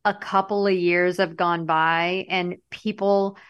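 A woman's voice: lowish voice, little pitch movement, takes it slowly, clear, resonant tone, muffled recording. A woman from Massachusetts, past her early twenties, co-hosting a podcast in casual, enthusiastic chat. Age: adult, past her early twenties. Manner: enthusiastic, chatty. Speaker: podcast co-host.

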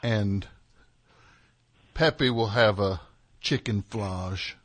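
A man doing a folksy Southern diner customer, deliberate formal drawl, unhurried. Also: lowish voice. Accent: Southern US, put on.

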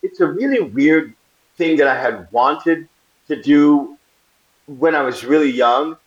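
Brooklyn man, animated storyteller. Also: on the high side, a little slow, highs cut off. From Brooklyn, New York. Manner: animated storyteller acting out quoted voices, laughing often. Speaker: actor guest. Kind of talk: casual storytelling interview.

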